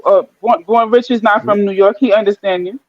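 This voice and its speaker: A man's voice: high-pitched, steady tone, brisk, no echo. A man hosting a heated panel, teasing the guest about his accent. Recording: dry, dull-sounding mic.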